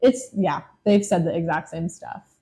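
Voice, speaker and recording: Young woman host, lowish mellow voice, says like and you know a lot, laid-back chat. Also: measured pace. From Lexington, Kentucky. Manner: chatty, heavy use of "like" and "you know". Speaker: podcast host. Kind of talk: casual interview conversation.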